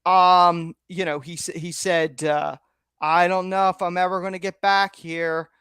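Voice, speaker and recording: A man co-hosting a podcast, telling a story in a lively way and laughing often. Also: sits high, unhurried, clean tone, no room sound, studio quality. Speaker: podcast co-host. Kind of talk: casual chat, anecdote telling.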